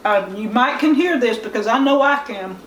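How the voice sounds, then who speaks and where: A woman's voice: a little high, animated, moderate pace, a bit bright. A woman with a Southern US accent, plain-spoken and homespun, walking step by step through a home cooking demonstration as host. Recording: echoey room, distant mic, faint hiss.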